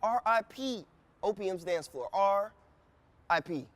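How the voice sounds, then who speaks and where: An American man in his thirties hosting a casual travel vlog, telling stories in an animated, profane way. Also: sits high, slow pace, no room sound. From United States. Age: 30s. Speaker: vlog host.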